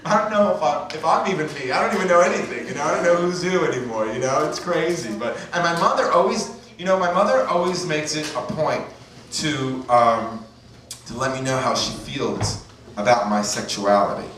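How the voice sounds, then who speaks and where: A man's voice: on the high side, a little fast, fairly bright tone, slight background noise. Brooklyn-raised male comic in an echoey club. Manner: rambling, self-mocking, chatty asides. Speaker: stand-up comedian. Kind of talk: stand-up comedy set. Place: comedy club stage. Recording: echoey club from far off with crowd.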